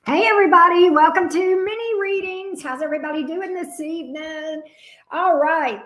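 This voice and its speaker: A woman's voice: extremely high pitch, moderate pace, fairly bright tone, soft background music. A woman with a Southern US accent hosting a casual live tarot stream, breezily greeting viewers by name in a folksy way. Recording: roomy echo.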